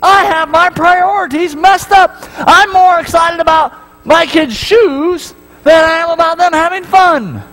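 A middle-aged man preaches to his congregation in a high, bright voice. He tells stories with big swings in pitch and acts out the voices himself. He keeps asking the room questions, and a faint mains hum sits under him. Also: unhurried, hardly any pauses, soft background music, rough recording. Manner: talks straight to the congregation with repeated questions. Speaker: pastor. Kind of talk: sermon. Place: church sanctuary.

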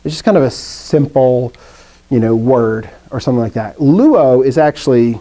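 A man teaches a class in a classroom. His voice is mellow and warm, with a pitch in the middle range. He recites drills and then explains things in a loose, chatty way, asking the students questions. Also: expressive, moderate pace. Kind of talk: classroom lesson.

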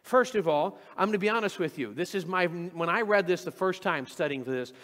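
A man's voice: high-pitched, expressive, brisk, fairly bright tone. A middle-aged man preaching a sermon as pastor, talking conversationally and acting out the voices he quotes. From California. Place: church sanctuary. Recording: long church reverb.

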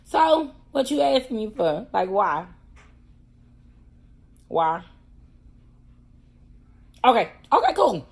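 A woman who is both a pastor and a prison wife tells a personal story in a casual vlog, speaking straight to her viewers. She's animated and slangy and laughs often, though she talks slowly with frequent pauses. Her voice is a little high, with vocal fry.

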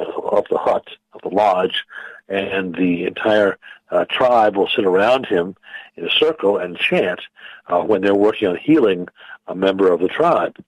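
A man, a physicist guest on a radio interview, explaining in a measured, halting way with many fillers and restarts. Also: sits low, dry recording, poor audio.

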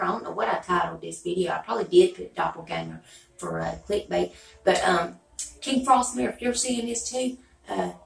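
A woman talks in a gravelly, creaky voice, chatting folksily to her viewers in a loose, rambling vlog. She sits back from the mic in a roomy, echoey space. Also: lowish voice, recorded from a distance. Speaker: beauty YouTuber. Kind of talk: rambling casual vlog chat.

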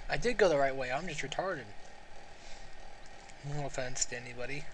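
Rambling breathy young man gaming. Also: fairly high pitch, moderate pace, long pauses, a bit bright. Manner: rambling, self-mocking, frequent laughs and sighs. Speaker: let's play commentator. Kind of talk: casual gameplay commentary. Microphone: close home mic. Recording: noisy home recording.

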